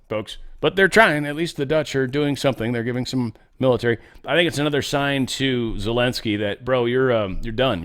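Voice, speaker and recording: A man hosting a show, giving casual political commentary in a rambling, off-the-cuff way with some swearing. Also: mid-range voice. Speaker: show host.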